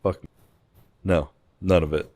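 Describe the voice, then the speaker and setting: A man's voice: slow pace, darkish tone. A young man speaking openly and emotionally as a podcast guest, telling a personal story with lots of swearing and filler words. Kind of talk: candid podcast conversation.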